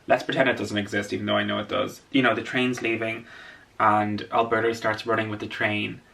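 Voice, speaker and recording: A man's voice: lowish voice, flat delivery, fairly quick, creaky, bright, forceful tone, recorded from a distance. A man vlogger chatting casually about a film while doing his makeup, gushing and playful. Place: indoors at home, doing makeup on camera.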